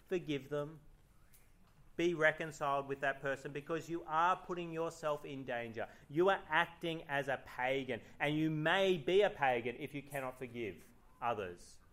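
A man's voice: medium pitch, a bit bright. A man preaching a sermon in church, reading scripture aloud and asking the congregation rhetorical questions. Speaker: pastor.

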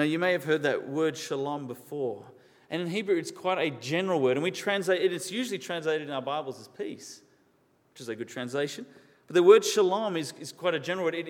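A man preaching a sermon in an earnest, questioning way, repeating key words for emphasis. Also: a little high. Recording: long reverb of a large hall.

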